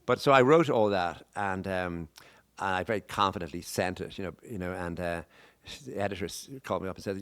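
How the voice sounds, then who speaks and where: An Irish man talks on stage at a live book event, winding through his story with asides and restarts. His voice sits a little low. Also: a little fast. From Ireland. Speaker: author. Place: stage before a live audience.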